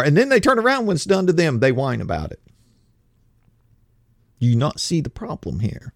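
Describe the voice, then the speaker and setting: A man's voice: a little high, huge pitch swings, moderate pace, creaky, long pauses, no echo, clean studio sound. A man giving a heated, emphatic opinion monologue, stumbling on repeated words when worked up. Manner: heated, emphatic, with mocking impressions of others; repetitive restarts when worked up. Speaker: commentator.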